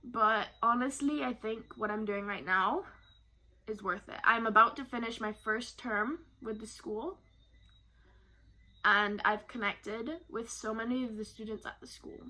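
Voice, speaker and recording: Talking personally to the camera, a young woman from Barbados rambles emotionally about her life. Her voice is a little high and a little slow, with a pushed, bright quality.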